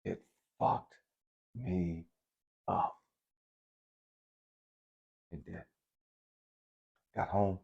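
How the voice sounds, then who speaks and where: Deep-voiced man, candid and profane. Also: steady tone, very slow, vocal fry, pauses often, husky, dull audio. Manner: candid, profane and confessional, addresses viewers directly. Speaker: spiritual vlogger. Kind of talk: casual spiritual monologue.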